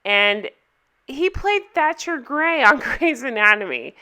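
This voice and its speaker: A woman with a bright, forceful and smooth voice, pitched a little high. She chats to camera as a TV review vlogger, expressive and quick to laugh. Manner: chatty and expressive, laughs often. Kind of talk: casual chat to camera.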